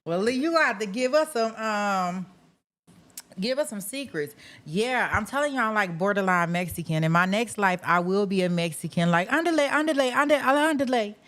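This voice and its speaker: A woman hosting a livestream talks easily with her audience in a middle-aged, mid-pitched voice. She reacts to viewer comments one by one, calling people by name and breaking into laughter often, in a loose, unscripted way. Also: moderate pace, a bit bright. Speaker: livestream host. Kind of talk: casual chat with live viewers.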